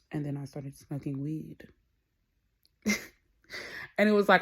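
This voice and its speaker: With a fairly low, slightly mellow voice, a young adult podcast host delivers a casual solo monologue. She talks candidly and conversationally, rambling as she goes.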